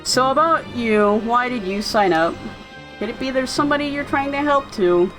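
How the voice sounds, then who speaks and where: A woman voicing an anxious, earnest young man who talks a lot to calm his nerves. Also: on the high side, normal speed, faint music behind, low-quality recording.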